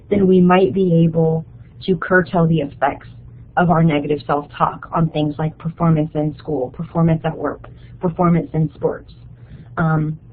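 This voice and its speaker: A woman counselor leads a workshop in a conversational way, often stopping to check in with the room. Her voice sits a little low, and it comes through a thin, phone-like recording. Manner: conversational, checks in with frequent 'okay?'. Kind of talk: workshop presentation. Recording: tinny phone-like sound.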